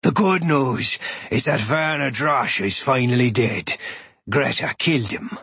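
A man voicing a gruff, coarse old male archdruid with a deep, growly voice and blunt, clipped speech. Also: unhurried, bright, forceful tone, dry recording, exaggerated voice.

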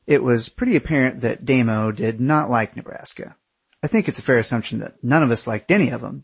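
A man's voice: medium pitch, creaky, slightly rough, no room sound. A man narrating a first-person story in a wry, sardonic manner. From United States. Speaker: memoir narrator.

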